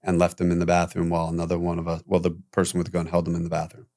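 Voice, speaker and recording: Man telling a candid story, animated. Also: sits low, very fast. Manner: animated retelling with profanity, acting out quoted voices. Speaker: podcast guest.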